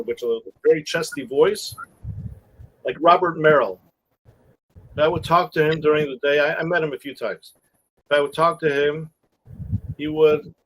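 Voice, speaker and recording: A man with a husky voice, coaching singers in a casual group chat, halting and restarting as he talks. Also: on the high side, low-quality recording. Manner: halting, restarts often, laughs between points. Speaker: singing coach.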